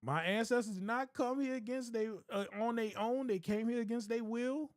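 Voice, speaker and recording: High-voiced man ranting emphatically. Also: normal speed, no room sound, clean studio sound. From United States. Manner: emphatic, repeats points for weight. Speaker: live streamer. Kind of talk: casual ranting monologue.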